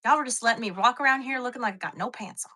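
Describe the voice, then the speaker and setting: Racing along in a fairly high voice with a sharp tone, a young live-stream seller pitches quilting supplies. She's chatty and self-mocking, laughing at herself often as she talks casually.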